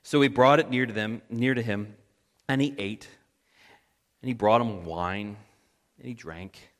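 A man's voice: fairly low pitch, unhurried, fairly bright tone. A man retelling a Bible story with casual asides and fillers, as a preacher. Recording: long reverb hall.

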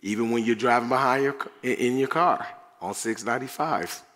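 A middle-aged man preaching a conversational sermon with animated asides and frequent laughter. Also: medium pitch, fairly quick. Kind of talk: sermon devotional. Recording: reverberant church hall.

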